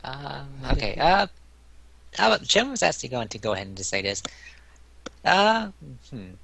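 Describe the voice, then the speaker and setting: A man's voice: mid-range voice, very animated, normal speed, creaky, pushed and bright. A man playing a tabletop game, rambling and laughing as he talks. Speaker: player. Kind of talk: casual tabletop play.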